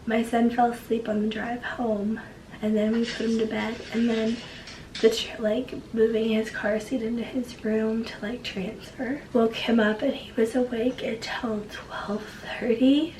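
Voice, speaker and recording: Brief: young woman vlogger, sick and hoarse, chatty, higher voice, roomy kitchen sound from off-mic, household clatter behind. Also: little pitch movement, measured pace, darkish tone, distant mic, a little hiss or hum. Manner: chatty, rambling, lots of "like". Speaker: vlogger and mother. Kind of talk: casual home vlog talk. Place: home kitchen and garden.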